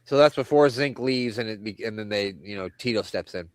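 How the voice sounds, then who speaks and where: A man's voice: on the low side, brisk, dry recording. A man co-hosting a wrestling podcast in casual chat, loose and profane, laughing often. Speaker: podcast co-host.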